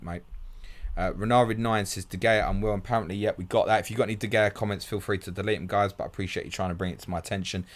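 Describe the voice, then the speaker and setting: A deep-voiced man hosts a live fantasy football question stream. He reads questions out quickly and answers them in a blunt, matey way, tossing in "mate" at every turn. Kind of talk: fast live Q&A reading viewer questions.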